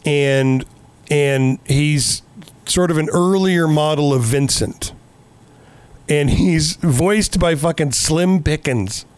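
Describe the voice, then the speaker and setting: A man's voice: on the high side, slow pace, clean tone, no room sound. A man in casual chat recapping a movie in a rambling, sarcastic way, swearing often. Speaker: podcast co-host.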